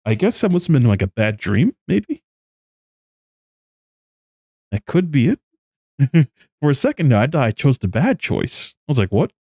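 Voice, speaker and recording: A man's voice: medium pitch, sing-song, a little slow, long pauses, mellow, no room sound, clean studio sound. A man hosting a gaming channel, giving casual, amused let's play commentary with chuckling asides.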